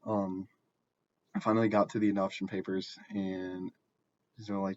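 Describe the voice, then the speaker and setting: A young man telling a personal story in a casual, halting way, often restarting and filling pauses. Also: low-pitched, level tone, a little mellow, dull audio, a little hiss or hum. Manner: halting, self-correcting, frequent fillers.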